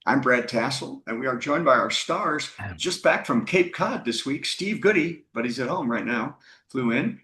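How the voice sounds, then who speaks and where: A man's voice: medium pitch, expressive, moderate pace, sharp tone, slight background noise. A man hosting a comedy show over a video call, telling stories in a laid-back, late-night murmur and chuckling at himself. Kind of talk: casual comic storytelling on a video call. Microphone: video call mic. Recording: echoey room.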